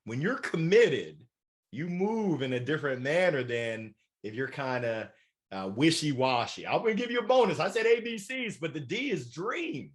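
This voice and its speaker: Lively motivational man in his forties. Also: on the high side, moderate pace. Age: 40s. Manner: animated, playful, motivational, acts out voices. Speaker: keynote speaker and author. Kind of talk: energetic interview answers.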